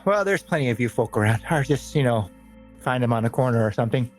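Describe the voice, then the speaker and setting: A man's voice: mid-range voice, animated, quick pace, soft background music, natural voice. A man voicing a tall, condescending male guard who talks down to people he offers work. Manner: patronizing, wheedling.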